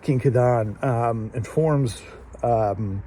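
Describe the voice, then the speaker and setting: A man's voice: medium pitch, very slow, warm tone, a little hiss or hum. A man hosting a casual solo episode review, rambling with many fillers and restarts. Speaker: show host reviewing an anime episode.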